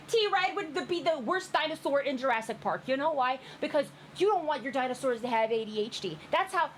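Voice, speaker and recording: A young woman, reacting to fan memes in giggly, rambling, animated commentary. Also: sits high, slight background noise. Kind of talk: excited casual commentary.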